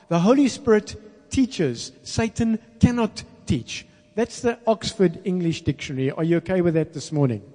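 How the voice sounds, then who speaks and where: Emphatic preacher in a hall. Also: male voice, high-pitched, dark tone. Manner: call-and-response with congregation; emphatic, slows down to stress words. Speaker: pastor. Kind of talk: sermon. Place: church hall. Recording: long reverb in a large hall.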